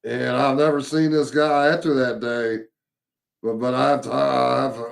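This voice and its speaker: A man telling his own encounter story in a casual, halting way, with many fillers and restarts. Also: mid-range voice, little pitch movement, creaky.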